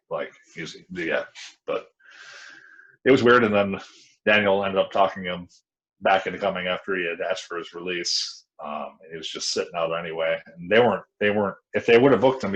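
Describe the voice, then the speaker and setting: A man's voice: deep voice, fairly bright tone, low-quality recording. A man in his thirties, a former wrestler, recounting his career in a frank, rambling way as an interview guest. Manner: frank, rambling storytelling with many restarts. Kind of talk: casual interview talk.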